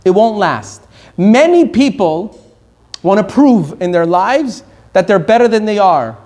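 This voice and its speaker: A middle-aged rabbi from Iran giving a Torah lecture in a fairly high man's voice. He leans hard on key phrases and draws them out, then hurries through his side remarks. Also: expressive, darkish tone. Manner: emphatic, slows down on key words and speeds through asides.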